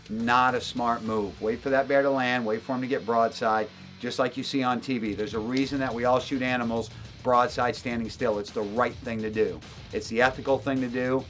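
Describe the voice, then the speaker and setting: A man recounts a hunt as a guide, leaning hard on his words and repeating them for stress. His voice sits at an ordinary middle pitch. Soft music runs quietly beneath him. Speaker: hunting guide. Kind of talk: storytelling narration.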